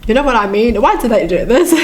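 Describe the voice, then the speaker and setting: A young woman hosting a reaction video, reading stories aloud and commenting with frequent giggles and expressive reactions. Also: fairly high pitch, moderate pace. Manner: giggly, expressive, often breaks into laughter. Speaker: YouTube reaction host.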